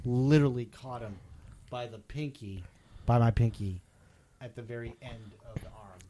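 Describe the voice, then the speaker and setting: Man, podcast co-host, casual storytelling, animated, acts out quotes. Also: medium pitch, moderate pace.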